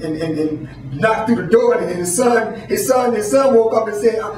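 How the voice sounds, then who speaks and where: A man telling a story live, halting with ums and restarts. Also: sits high, a little mellow, faint music behind. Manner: halting, many ums and restarts, laughs nervously. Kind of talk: live spoken-word storytelling. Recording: echoey room, distant mic.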